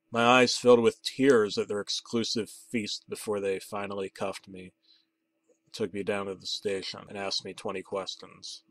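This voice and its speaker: Deadpan man telling a creepypasta. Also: medium pitch, no room sound. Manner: deadpan, mock-dramatic, rising to excited outbursts. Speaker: narrator. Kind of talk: comedic creepypasta storytelling.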